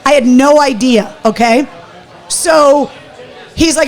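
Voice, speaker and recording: A woman hosting a live talk show from a pub, telling a story in a quick, animated, casual way. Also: high-pitched, some chatter behind.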